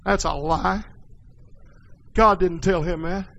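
A man preaching a folksy sermon in a church, dropping quiet and then rising to hollering. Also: high-pitched, fairly even intonation, slow, creaky, long pauses, rough recording.

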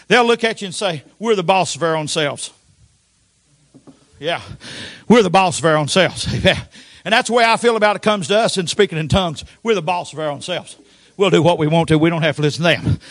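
Older man, high-pitched, Pentecostal preacher, folksy storytelling, frequent amens, dry close sound. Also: fairly bright tone, dry recording.

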